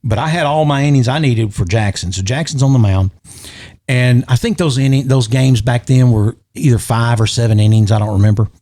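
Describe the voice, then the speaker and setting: A middle-aged man tells a long story in casual podcast chat, animated and acting out the voices of the people he quotes. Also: medium pitch, fairly quick. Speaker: podcast guest or host.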